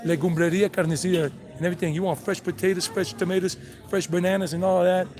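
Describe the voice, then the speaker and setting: A man's voice: high-pitched, flat delivery, fast talker, a little mellow, a faint crowd. A man hosting a casual walking tour vlog outdoors, chatting to the camera and joking with street vendors. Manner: chatty, switches to Spanish with locals, laughs easily. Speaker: travel vlogger and tour host.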